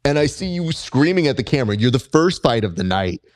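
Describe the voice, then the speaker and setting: A man hosting a grappling podcast, telling stories in a casual, animated way and acting out his own reactions. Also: fairly quick. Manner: animated storyteller, jumps high when quoting himself. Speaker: podcast host. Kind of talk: casual interview chat.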